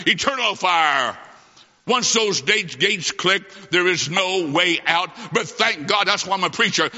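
Preacher man with a bright, ringing voice. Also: fairly high pitch. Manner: dramatic storytelling preaching, slow with long pauses. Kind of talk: sermon. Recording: hall reverb, dull lo-fi sound.

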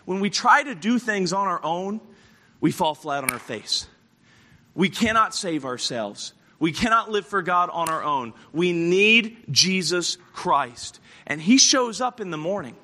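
Bright, high-voiced preacher telling a story. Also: male voice, a little slow. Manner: animated, acts out the scripture scenes. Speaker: pastor. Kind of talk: storytelling sermon.

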